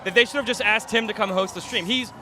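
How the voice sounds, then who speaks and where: Playful bright-voiced male co-host. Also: high voice, fast, soft background music. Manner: playful, self-deprecating. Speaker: stream co-host. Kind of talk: casual pre-show banter. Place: outdoor launch event.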